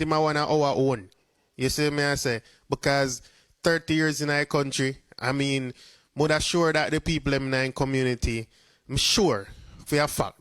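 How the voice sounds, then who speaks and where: A vlogger with a Jamaican accent gives casual, chatty commentary, slipping into patois and often saying "you see me." His mid-range voice is a bit bright, recorded with no echo.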